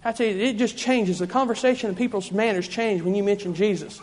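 A man's voice: high-pitched, fast talker, in a large hall. A man preaching a sermon in a church, fervent and repetitive in his cadence.

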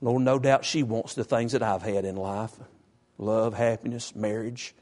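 A man preaching a sermon in a folksy, emphatic way, jumping up in pitch to stress a point. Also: fairly even intonation, a little slow, darkish tone.

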